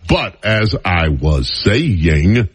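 A man with a husky voice hosts a talk radio show. His pitch rises and falls in a lively way as he chats and ribs his studio crew. He sounds wry and unhurried. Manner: wry, teasing banter with crew. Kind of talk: casual talk radio commentary.

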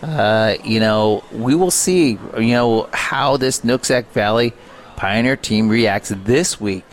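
A man giving color commentary on a high school football radio broadcast, chatty and full of fillers. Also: takes it slowly, slight background noise. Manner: chatty, many fillers like you know and uh.

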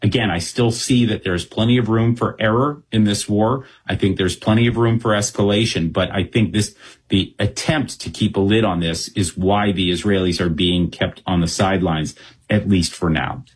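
Husky-voiced male policy analyst. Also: lowish voice. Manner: fast, measured, with frequent um and uh. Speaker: Middle East analyst guest. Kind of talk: unscripted interview analysis.

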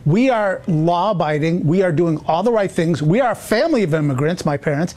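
A man's voice: high voice, expressive, a little fast, a little mellow. A man speaking as a guest on a news interview, earnest and frustrated. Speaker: interview guest, grieving father.

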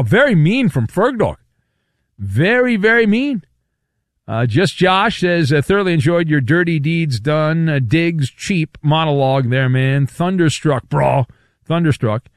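A man's voice: on the high side, lively intonation, unhurried, no room sound, studio quality. A man hosting a call-in radio show, reading listener messages and teasing a caller with sarcastic remarks. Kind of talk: casual call-in radio talk.

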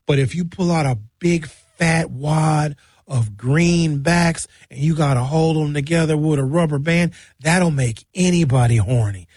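A man's voice: a little high, unhurried, darkish tone, husky, dry recording. A man hosting a radio show, rambling through a bawdy comic monologue. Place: radio studio.

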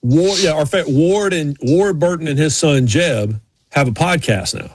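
Podcast co-host, middle-aged, rambling storyteller, slightly husky, dry close mic. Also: male voice, fairly high pitch, a little slow, no room sound. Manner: rambling storyteller with many restarts. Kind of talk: casual chat.

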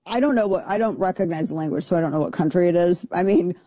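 A talk radio host commenting on air in a joking, incredulous way and often repeating herself. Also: female voice, on the low side, quick pace, dark tone, dry recording.

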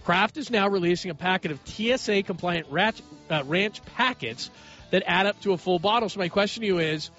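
A man hosting a radio sports show, chatting casually in an animated, jokey way. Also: high-pitched, faint music behind. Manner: animated, jokey, quick asides. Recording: slightly muffled radio broadcast.

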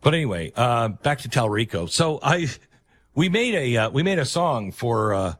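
A man's voice: mid-range voice, sing-song, moderate pace. A man hosting a talk radio show, delivering a sarcastic, mocking monologue.

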